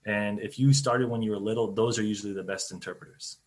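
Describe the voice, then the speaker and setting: Lower-pitched man answering interview questions. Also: fairly even intonation, quick pace. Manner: conversational, explanatory, laughs easily. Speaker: guest, company CEO. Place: remote video call.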